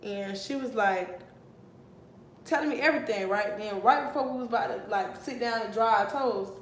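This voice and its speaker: A young woman in her twenties tells a wild storytime to her camera, getting animated and outraged and swearing freely. Her voice bounces around a roomy, echoey space with a faint hiss underneath. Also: a little high, moderate pace. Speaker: vlogger. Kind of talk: casual storytime. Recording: echoey room with faint noise.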